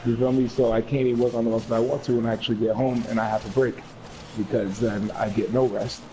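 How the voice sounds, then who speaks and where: A man's voice: mid-range voice, level tone, fast talker, dark tone, slight background noise, rough recording. A man chatting casually with a friend over voice chat, laid-back and swearing freely.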